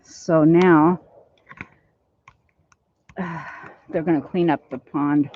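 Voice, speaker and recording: A woman's voice: low voice, steady tone, very slow, darkish tone, slight background noise. An older woman vlogging in a casual, rambling way from her home and yard, laughing easily as she chats. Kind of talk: casual chat. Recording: dull lo-fi phone audio.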